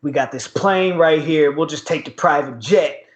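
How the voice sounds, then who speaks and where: A man's voice: fairly high pitch, normal speed. A man co-hosting a podcast, casually recapping wrestling with lots of slang and laughter. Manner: laughing, slangy, animated retelling. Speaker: podcast co-host. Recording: echoey room, dull lo-fi sound.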